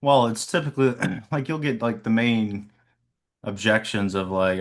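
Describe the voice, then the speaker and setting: A young insurance agent explains how he works his phone calls in a casual, unhurried chat. His voice is low and relaxed, with a chill delivery. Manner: low, laid-back and chill.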